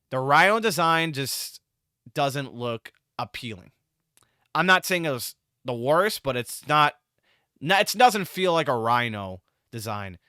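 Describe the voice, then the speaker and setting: A man's voice: mid-range voice, sharp tone, clear, resonant tone, dry recording, studio quality. A man giving a casual spoken movie review, rambling and exasperated, with frequent restarts and repeated phrases.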